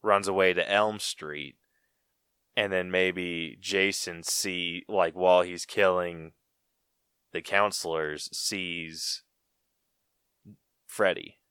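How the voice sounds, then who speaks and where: A man's voice: low voice, fairly even intonation, slow, pauses often, bright, forceful tone, clear, resonant tone, dry recording, studio quality. A man co-hosting a podcast in casual chat, rambling and laid-back, with lots of "like" as he thinks aloud. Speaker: podcast co-host. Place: podcast studio.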